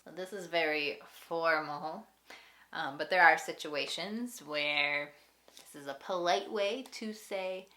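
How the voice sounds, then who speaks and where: A woman teaching English at a slow, deliberate pace, repeating each example phrase so learners can follow. Her voice is bright and slightly low-pitched, with a crisp edge. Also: expressive. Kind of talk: ESL lesson.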